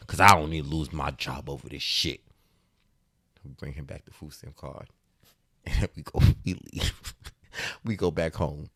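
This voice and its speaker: A man in his thirties, a podcast co-host telling a story in casual chat, animated and laughing often as he acts out the voices. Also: extremely low pitch, normal speed, pauses often, breathy edge.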